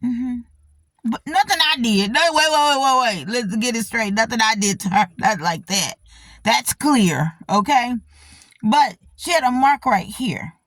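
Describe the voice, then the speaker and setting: Speaking unhurriedly in a slightly high voice, this middle-aged channel host shares a personal story with blunt, profane casualness. She's animated, repeats herself, and keeps checking in with and answering her viewers. The audio is clean studio sound with no echo.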